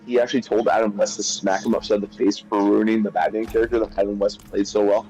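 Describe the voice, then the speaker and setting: A man's voice: lowish voice, little pitch movement, fast talker, warm tone, soft background music, rough recording. A man chatting casually during a gaming session, rambling and often repeating and restarting his sentences. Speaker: streamer chatting while gaming.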